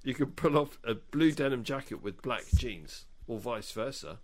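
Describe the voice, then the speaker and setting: A man's voice: mid-range voice, lively intonation, normal speed. A man co-hosting a podcast in casual chat, playful and teasing, often laughing. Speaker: podcast co-host.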